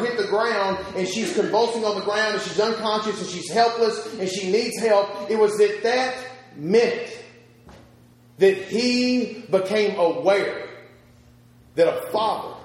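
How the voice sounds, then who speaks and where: A man preaching a sermon, telling a story with pauses and repeated words, swinging from loud to soft. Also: high voice, very echoey, low-quality recording.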